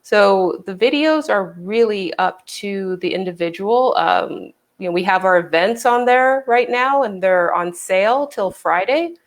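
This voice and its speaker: A woman's voice: medium pitch, animated, unhurried, hardly any pauses. A woman fitness trainer co-hosting a casual livestream, explaining things and quoting past conversations.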